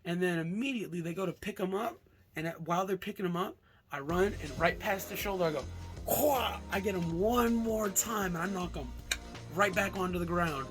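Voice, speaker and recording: A young man from Alaska, casually telling a storytime, animated and swearing, acting out punches with sound effects. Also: sits high, a little fast, soft background music. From Alaska, USA. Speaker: vlogger.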